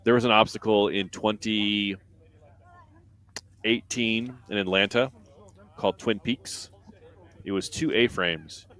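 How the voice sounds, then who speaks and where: A man's voice: fairly low pitch, steady tone, slow, long pauses, fairly bright tone. A man doing live race commentary from a booth, reading out team standings and viewer comments in a chatty way.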